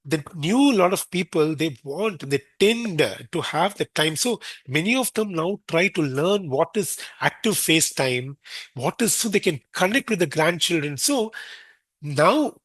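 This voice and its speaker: A man's voice: fairly high pitch, expressive, a little slow, fairly bright tone, no room sound. Indian man telling a long story, dry sound. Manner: rambling anecdotes, acting out others' quoted words. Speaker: podcast guest, senior care expert. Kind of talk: storytelling in a podcast interview.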